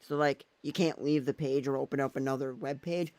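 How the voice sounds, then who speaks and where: A man's voice: medium pitch, fairly even intonation, brisk, darkish tone, no room sound. A man vlogging in a casual, rambling way, thinking aloud as he goes. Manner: thinks aloud while using his phone and laptop, meandering.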